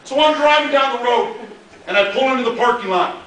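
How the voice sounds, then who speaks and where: High-voiced pastor joking in an echoey hall. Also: male voice, brisk, fairly bright tone, distant mic, slight background noise. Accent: Midwestern American. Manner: jokey, laughing storyteller. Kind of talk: storytelling sermon. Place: church hall in a mall.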